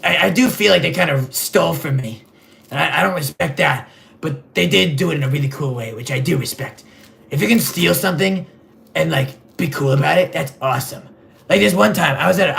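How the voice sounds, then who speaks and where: A man playing a vain, clueless rich male superhero in a comedic livestream sketch, rambling in a deadpan, gravelly voice. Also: fairly high pitch. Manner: rambling, deadpan, self-absorbed.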